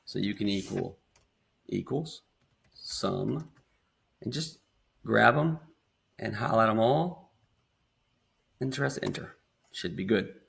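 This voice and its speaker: A man with an American accent casually talking students through a screen-recorded software tutorial step by step. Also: on the low side, expressive, slow pace, gravelly, pauses often. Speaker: instructor.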